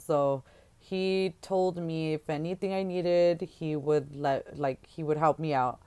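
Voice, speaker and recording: A woman telling her own past in candid, halting testimony with many fillers and restarts, her voice rising and growing louder when she quotes others. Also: sits low, clear, resonant tone. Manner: voice climbs and gets louder when quoting others.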